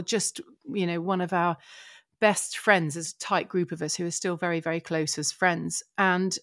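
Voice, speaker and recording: A middle-aged woman from England, a podcast guest telling her career story in a lively, earnest way with many restarts. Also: lowish voice, no echo, clean studio sound. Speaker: guest, broadcaster and child therapist. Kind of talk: personal storytelling in a podcast conversation.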